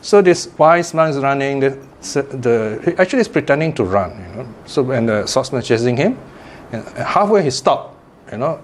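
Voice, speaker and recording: A man's voice: medium pitch, big pitch swings, moderate pace, a little hiss or hum. A man, a Buddhist teacher giving a chatty Dharma talk, laughing often and tossing in asides. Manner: chatty, laughs often, lots of "you know".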